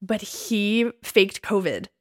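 Woman, casual storytelling, laughs a lot, acts out quotes, lively. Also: slow pace. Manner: animated, laughing, quotes herself in a higher voice. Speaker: podcast co-host.

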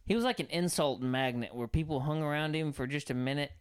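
A man's voice: fairly high pitch, brisk, clean tone. A man telling a loose, profane story in a casual chat among friends.

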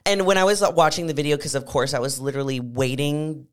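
A woman's voice: low voice, quick pace. A young adult woman co-hosting a podcast, chatting casually and animatedly with lots of filler words. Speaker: podcast co-host. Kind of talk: casual chat.

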